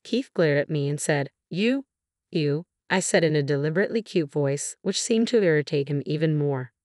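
A woman with a notably low voice tells a first-person story in a steady, measured narration. Her delivery stays even from line to line. The recording is dry and close, with no room sound. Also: no room sound.

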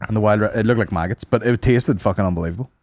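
A man co-hosting a podcast, telling a story with lots of swearing and high-pitched mimicry. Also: racing. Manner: animated storyteller, swears a lot, mimics people in high voices. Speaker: podcast co-host. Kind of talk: casual chat.

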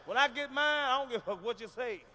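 A high-pitched, bright-voiced man works the crowd in a live stand-up set, profane and loud. He acts out scenes with shouts and moans, and his voice comes through a stage mic with a faint hiss and room ambience behind. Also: expressive, fast. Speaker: stand-up comedian. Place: large live venue on stage.

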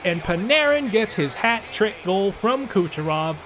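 Excitable young man, high voice. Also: a little slow, hardly any pauses, a little hiss or hum. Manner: excitable, swears often, swings from mumbling to yelling. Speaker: gaming commentator. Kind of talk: casual gameplay commentary.

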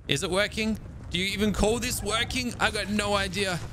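A young man hosting a gaming channel, giving excitable live gameplay commentary and talking straight to his viewers. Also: high-pitched, fairly quick, noisy background. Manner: excitable, exclaims often, talks to viewers.

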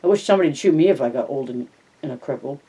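A man voicing a calm, steady ranch leader who speaks in a measured way in a read-aloud story. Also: medium pitch, breathy edge.

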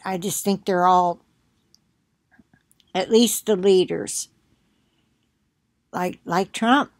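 A middle-aged woman muses slowly at home, drawing out her words in an unhurried, deliberate way. Her voice is dry and close, with no room sound around it. She keeps stopping to cough and clear her throat. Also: fairly low pitch, fairly even intonation, no room sound. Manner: slow, musing, thinking aloud. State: coughing, choking up. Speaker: video blogger. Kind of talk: casual commentary with scripture reading.

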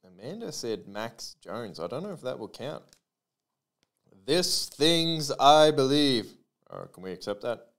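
A man's voice: lowish voice, big pitch swings, brisk, creaky. A man hosting a live trading card break, calling out player names and serial numbers with chatty asides to his viewers.

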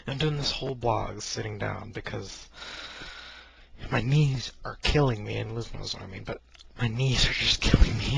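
This casual, rambling vlog features a man at his computer desk, holding a mic close to his face and bumping it repeatedly. His fairly low voice is gravelly and a bit bright, and there's slight background noise. As a video blogger, he jokes and pokes fun at himself.

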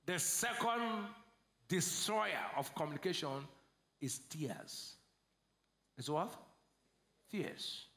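High-voiced Nigerian pastor preaching in an echoey hall. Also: male voice, lively intonation, slow pace, vocal fry, pauses often. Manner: call-and-response preaching, swings from shouts to low asides. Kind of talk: sermon.

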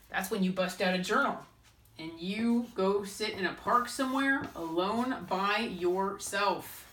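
A woman hosting a spiritual advice talk, speaking in a lively way and acting out inner voices and quotes. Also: medium pitch, slight background noise. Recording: roomy echo.

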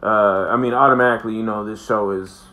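A man's voice: lowish voice, steady tone, fast, sharp tone. A man giving a casual, profane, rambling recap of a show for his channel, full of fillers. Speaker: video reviewer.

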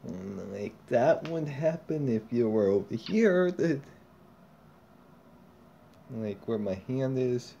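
A man reacting to a video on a face cam, halting and full of fillers, on a dull lo-fi recording with faint noise. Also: medium pitch, expressive, gravelly, warm tone. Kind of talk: reaction commentary.

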